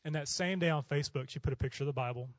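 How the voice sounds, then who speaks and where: A middle-aged missionary preacher from Oklahoma speaks very fast in a voice on the high side, with no room sound. Animated throughout, he tells sermon stories and acts out the voices within them.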